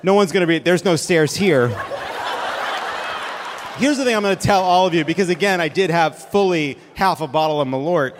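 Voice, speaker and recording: A man in his forties hosting a live comedy show, rambling and self-mocking, with occasional bursts of shouting. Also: high voice, fast talker, few pauses. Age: 40s. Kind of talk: live stand-up banter. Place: theater stage with live audience. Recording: reverberant venue with crowd noise.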